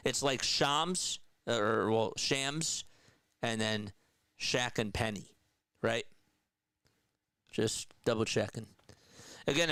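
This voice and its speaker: Between plays, this young announcer chats casually with his audience and reads out their comments while doing radio-style basketball commentary. His mid-range voice sounds pushed and bright, with no echo and a rough recording.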